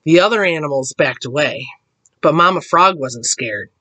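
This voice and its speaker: A woman reading a picture book aloud to children, slow and expressive, with little asides. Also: low-pitched, dry recording. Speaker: storyteller.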